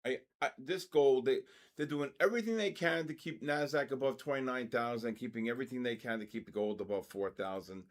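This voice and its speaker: Excitable older man calling live market moves. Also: mid-range voice, brisk. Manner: excitable, exclaiming at price moves. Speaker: trading livestream host.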